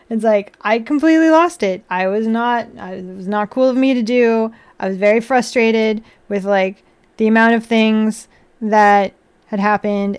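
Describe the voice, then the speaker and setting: A woman with a slightly higher voice chats to her live-stream audience from home while she builds a model kit. She talks casually, laughs often, and plays out her own exasperated replies as she tells the story. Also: darkish tone, smooth. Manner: chatty, laughs often, acts out her own frustrated retorts. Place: indoors at home.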